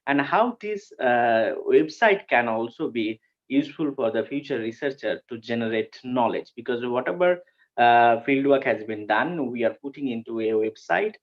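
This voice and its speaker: A man gives an academic conference presentation. He speaks at a middle pitch, stops often, and restarts his sentences. The audio sounds dull and lo-fi, like an online call. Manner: hesitant, frequent fillers and restarts.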